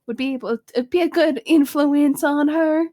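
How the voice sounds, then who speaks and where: A woman's voice: high-pitched, moderate pace, warm tone. A woman playing her character in a tabletop game, rambling and hesitant. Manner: rambling, hesitant, self-conscious. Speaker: player. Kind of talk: casual in-character role-play.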